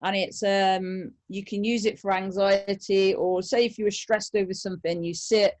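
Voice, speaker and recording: A woman's voice: medium pitch, flat delivery, normal speed, darkish tone. Hesitant woman guest in casual chat. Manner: hesitant, many fillers and restarts.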